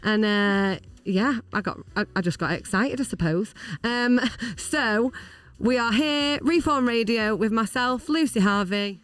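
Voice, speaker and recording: A woman's voice: a little high, a little slow, hardly any pauses, clear, resonant tone, dry recording. Bubbly woman radio host. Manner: bubbly, enthusiastic. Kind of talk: casual radio chat. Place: radio studio.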